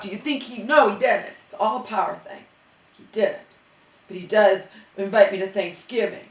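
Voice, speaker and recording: This middle-aged woman vents in a heated, swearing ramble, doubling back and restarting her sentences. Her voice sits at an ordinary pitch for a woman. It echoes around a room, picked up from some distance off the mic. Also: normal speed. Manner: agitated, profane, rambling with restarts. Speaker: vlogger. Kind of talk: emotional venting monologue.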